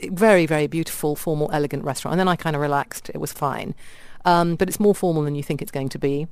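Radio guest, woman, lowish voice, brisk and chatty, dry studio sound. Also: clear, resonant tone, no echo. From India. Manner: chatty, animated storyteller. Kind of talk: casual radio chat.

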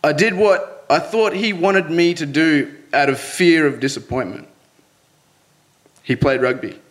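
A man's voice: fairly high pitch, moderate pace. A young man telling a personal story to an audience in an earnest way, often breaking into nervous laughs.

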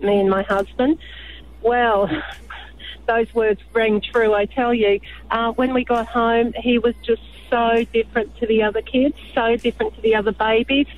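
Caller: mother, chatty and halting, fairly high voice, tinny phone line. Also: slight background noise. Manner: chatty, hesitant storyteller. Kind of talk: phone-in storytelling.

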